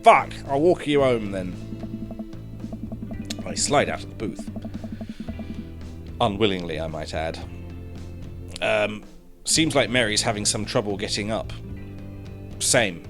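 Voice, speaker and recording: A man commentating a dating game, reading its text aloud with sarcastic, animated asides, his throat hoarse. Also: fairly low pitch, slow, pauses often, over music. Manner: animated, sarcastic, swears freely. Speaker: gaming streamer.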